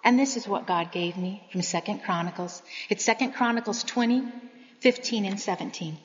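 A woman's voice: mid-range voice, moderate pace, highs cut off. Earnest woman preaching in a reverberant hall. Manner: earnest, personal storytelling. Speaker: Bible teacher. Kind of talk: sermon-style Bible teaching.

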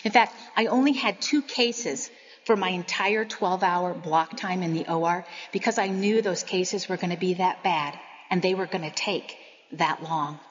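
A woman's voice: fairly low pitch, moderate pace, in a large hall, lo-fi sound. A woman giving an earnest, sermon-style Bible teaching, telling personal stories.

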